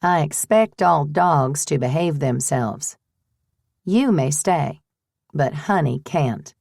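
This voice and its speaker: Woman doing a landlady, shrewd, older, brisk, firm, low, unhurried. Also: animated, gravelly, darkish tone, no room sound, studio quality, full character voice. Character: shrewd older woman running a boarding house.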